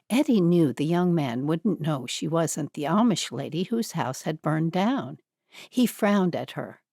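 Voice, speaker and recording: Slow, mellow woman narrating an audiobook. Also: on the low side, expressive, no room sound, studio quality. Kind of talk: scripted narration.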